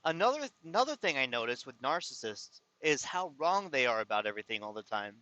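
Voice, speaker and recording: A man's voice: mid-range voice, sing-song, brisk, sharp tone, dry recording, dull audio. A man telling a personal story to his viewers in a casual, rambling way, often exasperated and restarting his sentences. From California. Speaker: vlogger.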